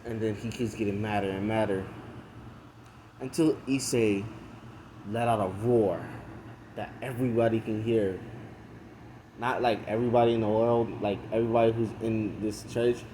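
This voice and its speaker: Hesitant young man, low mellow voice. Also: steady tone, moderate pace, pauses often, slight background noise, rough recording. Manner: hesitant, full of fillers. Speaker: video creator. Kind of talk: casual retelling of a fan story.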